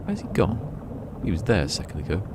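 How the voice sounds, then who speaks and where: Brief: a streamer, low voice that swings up and down, chatty and self-muttering. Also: male voice, huge pitch swings, quick pace. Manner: chatty, muttering to himself, laughs often. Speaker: gameplay streamer. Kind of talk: casual live gameplay commentary. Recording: loud game noise behind.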